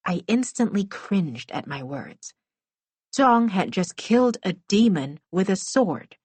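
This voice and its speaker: A woman's voice: lowish voice, animated, normal speed, darkish tone, husky, no echo. A woman reading a first-person middle-grade novel aloud as an audiobook narrator, telling it expressively.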